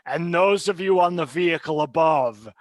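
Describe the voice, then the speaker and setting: Guy putting on a slow smug alien villain, higher and louder than his normal talk, dry sound. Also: no echo, lightly acted. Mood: gloating. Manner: slow, theatrical, gloating. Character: mocking ancient male alien being, cruel captor.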